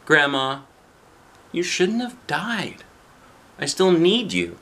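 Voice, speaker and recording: A man voicing a grieving young boy, earnest and curious, in a raised, wavering childlike pitch. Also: wildly swooping pitch, slow pace, fairly bright tone, exaggerated voice. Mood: sad.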